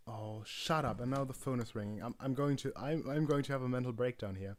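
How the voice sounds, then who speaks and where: A young man live-streaming, exasperated, swinging between muttered complaints and loud outbursts. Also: mid-range voice, brisk, hardly any pauses. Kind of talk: frustrated live-stream chatter.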